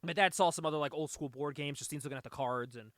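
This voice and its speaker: Excitable man with a bright, high-ish voice. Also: fast, dry recording, studio quality. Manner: excitable, profane storyteller, laughs often. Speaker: podcast host. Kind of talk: casual chat.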